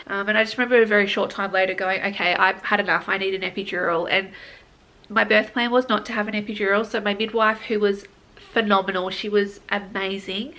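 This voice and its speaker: A woman's voice: mid-range voice, pushed and bright. Earnest young woman vlogger, rambling. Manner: earnest, rambling, many likes and restarts. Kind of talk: casual storytelling to camera.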